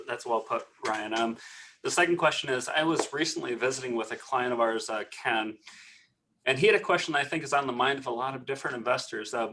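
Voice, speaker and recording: A man hosting a financial call over video, asking prepared questions at an even, measured pace. He drops small fillers between his words. His pitch is mid-range for a man. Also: vocal fry, a little hiss or hum, low-quality recording. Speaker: host, financial advisor.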